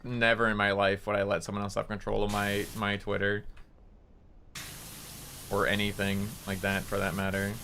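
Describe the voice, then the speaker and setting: A man chatting on a gaming livestream in a bright, forward voice. He swears freely and keeps jumping into excitable, high-pitched outbursts. A faint hiss of noise sits under his talk. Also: moderate pace, long pauses. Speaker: VTuber streamer. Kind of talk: casual livestream chat while gaming.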